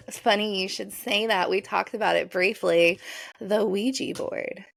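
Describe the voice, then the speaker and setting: Giggly woman podcast co-host, gravelly edge. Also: mid-range voice, fairly even intonation, a little slow, no echo. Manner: giggly, rambling, tongue-tripping. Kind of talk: casual chat.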